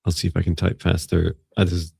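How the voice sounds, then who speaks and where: A man's voice: deep voice, monotone, gravelly, a little mellow, husky, no room sound, clean studio sound. A man co-hosting a live psychic reading stream, playful and joking with his co-host in casual chat. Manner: playful and joking, with quick teasing asides.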